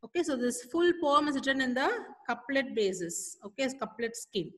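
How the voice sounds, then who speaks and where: A woman teaching a poetry lesson to children, explaining slowly and often checking that they understand. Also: high voice, lively intonation, fairly bright tone, in a large hall, low-quality recording. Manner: explains slowly, asks frequent comprehension checks. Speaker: English teacher.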